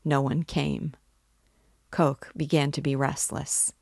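A woman reading a classic novel aloud as a guide, with measured, even narration. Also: sits low, dry recording, clean studio sound.

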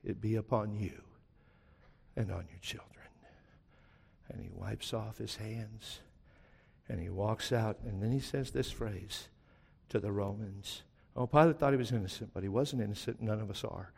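A man preaching a sermon, retelling a story dramatically, swinging from loud to hushed. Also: lowish voice, moderate pace, creaky, breathy edge, in a large hall. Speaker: pastor.

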